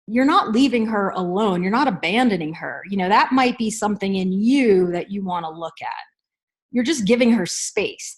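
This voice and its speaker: Measured, reflective woman giving advice. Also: medium pitch. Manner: reflective, measured, with thoughtful pauses and fillers. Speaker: parenting coach answering listener questions. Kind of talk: unscripted advice talk.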